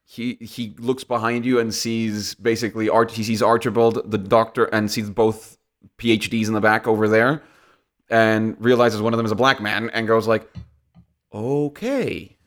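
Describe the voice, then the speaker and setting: Halting man narrating a tabletop game. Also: on the low side, level tone, a bit bright. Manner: halting, many restarts and fillers. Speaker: game master.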